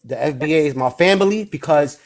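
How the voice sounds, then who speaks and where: A Puerto Rican man with a New York accent argues in long, rambling stretches full of restarts. He gets defensive and his slightly high voice jumps into shouts when he is pushed. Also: lively intonation, a little fast. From Puerto Rico. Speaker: debate participant. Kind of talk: heated live online debate.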